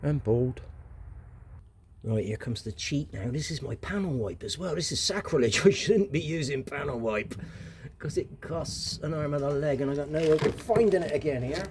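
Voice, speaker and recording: A man's voice: fairly high pitch, animated, normal speed, background noise. Chatty West Country man outdoors. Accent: West Country English. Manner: chatty, rambling, wry asides, muttering to himself. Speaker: vlogger. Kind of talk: casual cooking vlog. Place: outdoors at a charcoal fire.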